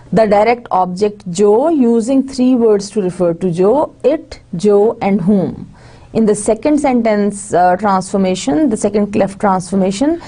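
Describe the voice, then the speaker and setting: A woman delivers a recorded university lecture. Her voice is mellow and dark in tone. She walks through each example patiently, pausing on fillers and restarting phrases as she goes. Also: medium pitch. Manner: explains step by step with frequent fillers and restarts, slips into Hindi-Urdu asides.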